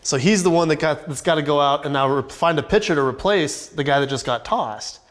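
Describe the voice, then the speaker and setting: A man's voice: a little high, a little fast, a bit bright. Chatty man filling in a story. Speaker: baseball player guest. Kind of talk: casual chat, filling in a shared story.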